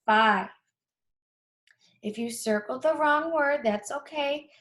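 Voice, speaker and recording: A woman teacher with a somewhat high voice speaks slowly and patiently. She repeats each target word so children can follow along in their workbooks. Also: animated. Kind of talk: guiding a class through a workbook.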